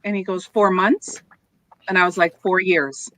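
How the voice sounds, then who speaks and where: A woman's voice: lowish voice, a little fast, pushed and bright, slight background noise, low-quality recording. Middle-aged woman co-host, chatty storyteller, casual tone. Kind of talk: casual panel chat.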